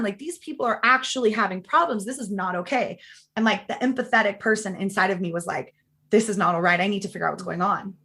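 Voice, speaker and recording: Animated woman telling her story. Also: mid-range voice. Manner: animated, fast-flowing, quotes people in lively voices, many "like"s. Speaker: guest, former direct-sales team leader. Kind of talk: conversational podcast storytelling.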